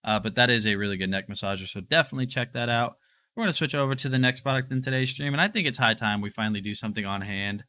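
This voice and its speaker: A young man hosting a live product showcase stream, chatting casually and excitably straight to his viewers. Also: medium pitch, racing. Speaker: livestream product showcase host.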